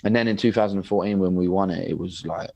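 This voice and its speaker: Young male guest, low voice, laid-back storyteller who keeps saying "like". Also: quick pace, creaky. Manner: relaxed, rambling, lots of "like". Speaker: podcast guest, footballer. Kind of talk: casual interview chat.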